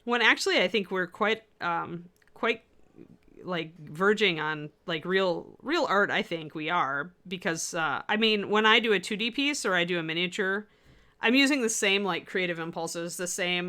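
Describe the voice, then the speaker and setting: A lowish, bright and forceful woman's voice at a moderate pace belongs to a co-host of a miniature painting livestream. She reads viewer comments and responds casually, rambling along with lots of fillers.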